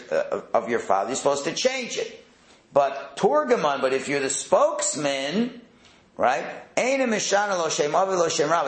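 Guy teaching talmud class, kinda high gravelly voice, echoey room, restarts a lot, terms. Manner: conversational, repeats and restarts, mixes Hebrew and Aramaic terms.

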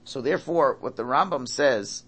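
A man's voice: mid-range voice, normal speed, a bit bright, breathy edge. A man giving a Torah class lecture, emphatic, often repeating and restarting his phrases. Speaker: Torah teacher.

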